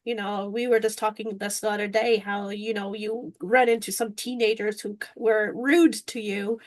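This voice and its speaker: A woman's voice: medium pitch, flat delivery, moderate pace. A woman hosting a podcast interview, encouraging her guest and laughing often. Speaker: podcast host. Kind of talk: interview chat.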